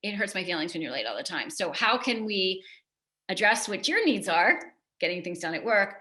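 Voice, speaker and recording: The keynote speaker, a middle-aged American woman, has a medium-pitched voice with big pitch swings and a pushed, bright sound at normal speed. Her motivational talk is conversational and funny, with many questions aimed at listeners.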